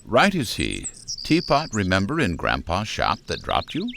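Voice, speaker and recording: A man's voice: low-pitched, wildly swooping pitch, moderate pace, gravelly, noisy background, pitched below the performer's own voice, heavily acted. A man voicing an odd male creature who speaks with his words in inverted order. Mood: earnest.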